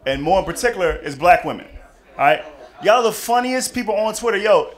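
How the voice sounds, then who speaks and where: A man from Texas doing a stand-up comedy set, telling stories animatedly and acting out loud voices. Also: sits high, expressive, fairly quick. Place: comedy club stage with live audience.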